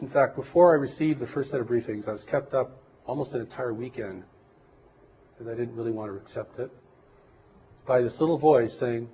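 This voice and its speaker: A man speaking as an interview guest, measured and reflective, often pausing and restarting his sentences. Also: medium pitch, mellow, slight background noise. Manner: measured, hesitant, with many restarts and fillers. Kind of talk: earnest reflective interview talk.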